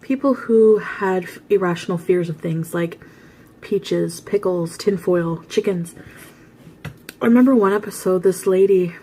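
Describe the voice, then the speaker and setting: A woman's voice: lowish voice, measured pace, dark tone, slight background noise. A woman vlogger casually telling a rambling story to her viewers at home, full of asides and little laughs. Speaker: vlogger host.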